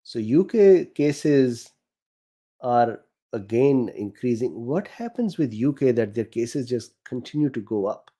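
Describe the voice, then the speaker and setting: Middle-aged male host, non-native accent, relaxed mellow delivery, casual live Q&A reading viewer chat. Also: mid-range voice, measured pace. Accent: non-native English accent. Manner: reads chat questions aloud, frequent fillers, chuckles. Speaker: host answering viewer questions.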